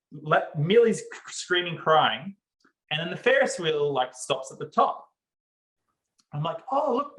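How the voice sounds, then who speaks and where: A man, co-hosting a podcast and telling a story in an animated way, laughing often and acting out what people said. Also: mid-range voice, reverberant, rough recording. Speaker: podcast co-host. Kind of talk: casual storytelling chat.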